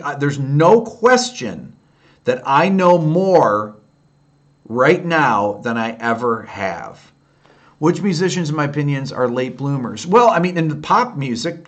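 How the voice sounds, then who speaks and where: Candid fifty-something man chatting on a livestream. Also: medium pitch. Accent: Upstate New York. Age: 50s. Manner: candid, rambling, answers viewer comments by name. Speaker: livestream host answering chat. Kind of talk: casual late-night livestream chat.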